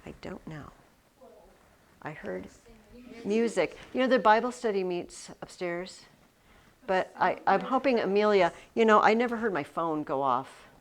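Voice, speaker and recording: A woman teaching a Latin class in a classroom, explaining slowly with frequent restarts. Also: medium pitch, animated. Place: classroom with students.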